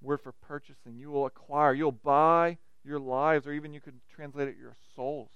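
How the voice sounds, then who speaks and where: A male preacher delivers a sermon in a high, smooth, resonant voice. He varies his emphasis and keeps asking the listeners questions. The sound is dry and close, with no room echo. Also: fairly even intonation, normal speed, a bit bright, muffled recording.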